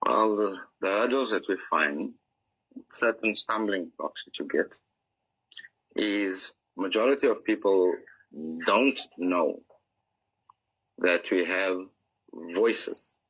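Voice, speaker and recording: A man's voice: low-pitched, slow pace, pauses often, fairly bright tone, husky, low-quality recording. A man being interviewed as an author, explaining his ideas in an earnest, teaching manner and acting out examples. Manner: earnest, explanatory, acts out inner voices. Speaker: author guest.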